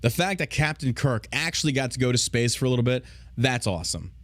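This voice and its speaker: A male podcast host rants in loose, profane, sarcastic commentary. His voice sits at an ordinary middle pitch. It is recorded dry on a close studio mic. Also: animated, quick pace, fairly bright tone, no echo. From United States. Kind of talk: casual ranting commentary.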